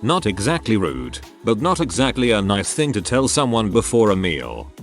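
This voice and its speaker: A man's voice: lowish voice, huge pitch swings, normal speed. A man reading out internet stories as a scripted narration, in a matter-of-fact way. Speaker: narrator reading reddit posts. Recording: faint background music.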